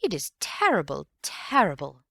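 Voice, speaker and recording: Woman doing a fussy society mother, high and swooping, emphatic, gossipy, dry close sound. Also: wildly swooping pitch, moderate pace, creaky, sharp tone, husky, dry recording, exaggerated voice. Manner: emphatic, gossipy and self-important. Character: gushing, indignant middle-aged society mother. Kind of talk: audiobook character voice.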